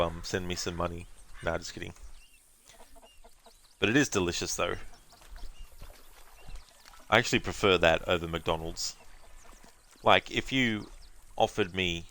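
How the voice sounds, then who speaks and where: Male streamer, deep low voice, loose rambling chat to viewers. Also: a bit bright. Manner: chatty, rambling, thanking viewers, breaks into silly voices and laughs. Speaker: game streamer. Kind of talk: casual live-stream chat.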